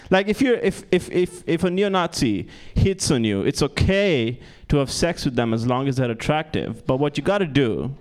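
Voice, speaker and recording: A man's voice: on the high side, expressive, moderate pace, few pauses, a little mellow. A young man performing a stand-up comedy set on a club stage, self-deprecating and stumbling over restarts. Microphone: handheld stage mic.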